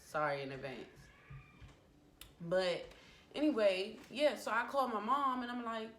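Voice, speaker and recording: A woman in her twenties tells a personal story in a vlog from a room at home, retelling it emotionally and acting out the quotes. Her voice is slightly high and a little bright, unhurried with frequent pauses. The room echoes, there's faint background noise, and family sounds drift up from downstairs.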